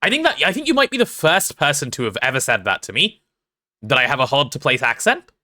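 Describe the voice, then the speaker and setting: A young English man casually chatting on a gameplay livestream, reading chat aloud and joking, quick to apologize. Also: mid-range voice, very animated, bright, forceful tone. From England.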